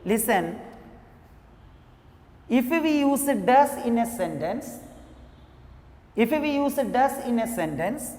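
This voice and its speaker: A woman teaching an English grammar lesson, talking slowly, repeating each example and saying "you know" often. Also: a little high, expressive, a little mellow. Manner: slow, repetitive, says "you know" often. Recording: echoey room with long reverb.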